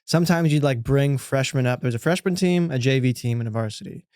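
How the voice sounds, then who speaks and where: A man's voice: mid-range voice, fast talker, darkish tone, no room sound, clean studio sound. A young man hosting a podcast, telling school stories in casual chat with laughs and loose swearing. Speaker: podcast host.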